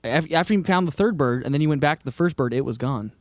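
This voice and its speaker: A man on a podcast whose voice sits a little higher than most men's. He talks fast and keeps adding crude, teasing comments to the conversation. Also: lively intonation, no room sound, studio quality. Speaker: podcast co-host. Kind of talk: casual chat.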